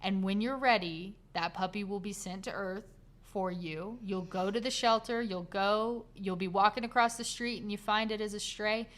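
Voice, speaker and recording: A woman co-hosting a casual podcast, comforting a listener and telling a story with animated delivery. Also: mid-range voice, moderate pace. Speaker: podcast co-host. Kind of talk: casual chat.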